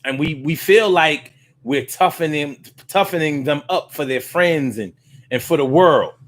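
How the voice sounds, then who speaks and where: A man with a fairly high-pitched voice hosts a relaxed livestream and reads comments from his viewers. His talk is loose and full of cursing. He often circles back and repeats phrases. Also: measured pace. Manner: loose, profane and conversational, with frequent repeats and fillers. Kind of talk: casual livestream chat.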